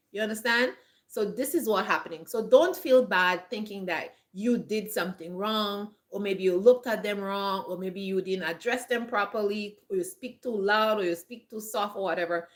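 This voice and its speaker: Earnest chatty woman giving life advice. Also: mid-range voice. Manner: earnest, chatty, repeats herself and restarts phrases. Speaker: lifestyle vlogger. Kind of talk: casual advice talk to camera.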